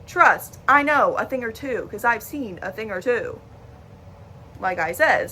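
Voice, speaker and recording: A woman's voice: fairly high pitch, animated, unhurried, sharp tone, slight background noise. A young adult woman speaking candidly to a camera, blunt and emphatic, swearing freely. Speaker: vlogger. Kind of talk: candid personal talk to camera. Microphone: device recording while talking to a screen.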